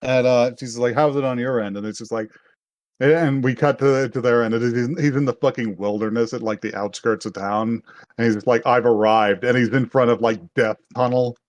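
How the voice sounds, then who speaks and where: A man's voice: medium pitch, fairly even intonation, brisk, darkish tone, muffled recording. A man hosting a podcast, casually recapping an anime in a rambling way, swearing and acting out the characters' lines. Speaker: podcast host.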